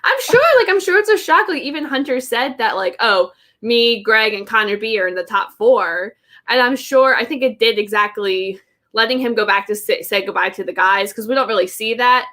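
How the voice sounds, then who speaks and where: A woman's voice: a little high, lively intonation, moderate pace, bright, forceful tone. A woman co-hosting a podcast in casual chat, laughing often and gushing with lots of "like.". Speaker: podcast co-host.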